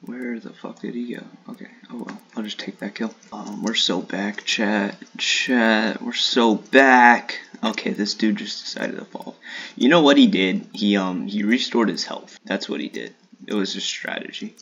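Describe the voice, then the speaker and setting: A man streaming a shooter game in casual live commentary, swearing and trash-talking opponents with sudden excited outbursts. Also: fairly low pitch, normal speed, breathy edge, lo-fi sound.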